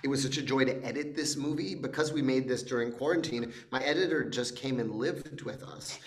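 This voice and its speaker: A man, a film director, answering interview questions in a reflective, thinking-aloud way, with many pauses and laughs. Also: mid-range voice. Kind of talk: casual interview chat.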